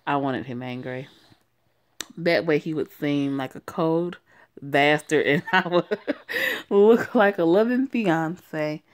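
A woman's voice: low voice, slow pace. A young woman reading her own first-person story aloud, casual and sassy, often laughing and adding asides. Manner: giggly, sassy, breaks off to laugh and comment.

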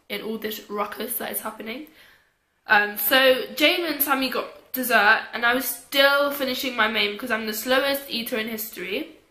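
A woman's voice: on the high side, pushed and bright, reverberant. A young woman chatting casually, with lots of fillers, telling a story to camera. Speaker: vlogger.

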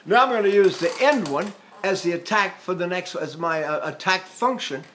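A man's voice: high-pitched, moderate pace, a bit bright, a little hiss or hum. An older man teaching singing in a chatty, self-mocking way, breaking into sung vowel demonstrations. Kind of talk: spoken vocal lesson with sung demonstrations.

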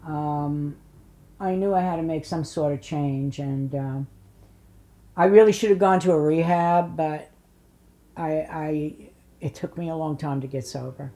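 A woman's voice: deep voice, unhurried, mellow. An older woman in an oral history interview, telling blunt, funny stories and acting out what people said. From Polish immigrant family. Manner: blunt storyteller, acts out voices and curses.

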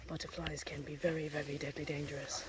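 A woman putting on a hushed, mock-serious wildlife documentary narrator voice in whispered role-play. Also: low voice, little pitch movement, fast, recorded from a distance, noisy background, pitched below the performer's own voice, lightly acted. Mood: mock-grave.

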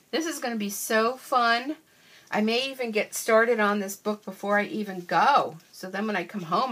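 Gushing older woman with a breathy voice. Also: mid-range voice. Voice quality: wears bifocals. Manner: gushing, excitable, lots of gasps and oohs. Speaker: crafting vlogger. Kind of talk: casual unboxing chat.

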